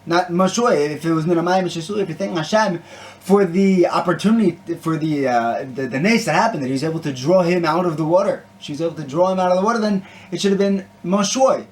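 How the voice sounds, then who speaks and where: A man's voice: high-pitched, fast talker. A man giving a short, conversational Torah talk and story, peppered with Hebrew and Yiddish terms. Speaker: Torah teacher and singer. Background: guitar music.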